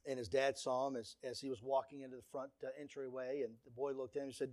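With a mid-range voice and a quick pace, a male pastor delivers an earnest, direct sermon to his congregation. He leans on lively storytelling in a preachy style, recorded in clean studio quality without any echo.

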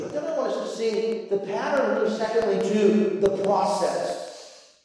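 High-voiced preacher in an echoey hall. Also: male voice, lively intonation, a little slow, recorded from a distance. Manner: preaching with dramatic swings in pitch and loudness. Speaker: pastor. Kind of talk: sermon.

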